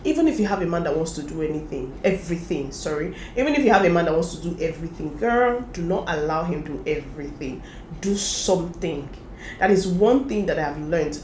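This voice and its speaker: In a low-pitched, brisk voice, a woman lifestyle vlogger chats to camera about her own experiences and advises her viewers directly, laughing animatedly. The low-quality recording is reverberant with a little hiss or hum.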